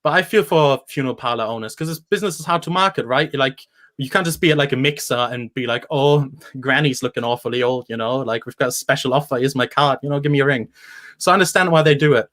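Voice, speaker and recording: A young man from Germany, doing a stand-up set with dry, deadpan jokes after chatting with the host. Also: medium pitch, quick pace. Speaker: stand-up comedian. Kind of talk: stand-up set and casual chat.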